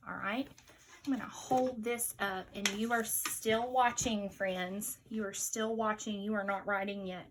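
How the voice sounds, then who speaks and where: A woman teacher giving a slow spelling dictation to young children, patiently repeating each word with care. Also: medium pitch, fairly even intonation, poor audio.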